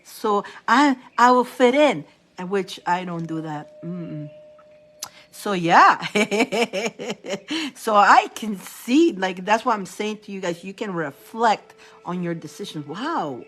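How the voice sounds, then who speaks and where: A woman, chatting casually on a live stream as a spiritual reader, animated and laughing often. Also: mid-range voice, slow pace.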